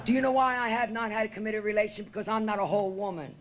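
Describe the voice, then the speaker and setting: Racing through her words in a medium-pitched voice, a woman at a meeting-room podium delivers a blunt, profane, emotional account of her recovery. Background noise is audible.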